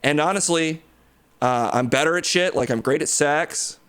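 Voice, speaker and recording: Brash undead billionaire hero, a man puts him on, cocky and crude, pitched a little high. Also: moderate pace, fairly bright tone, clear, resonant tone, close to an everyday voice. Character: brash reanimated male superhero tech genius, boastful. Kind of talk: improvised comedy impression.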